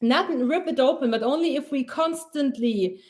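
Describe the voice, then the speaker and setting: A woman's voice: high-pitched, moderate pace. A young woman giving a casual, rambling pep talk as a mindset coach on a live stream, blunt and swearing freely.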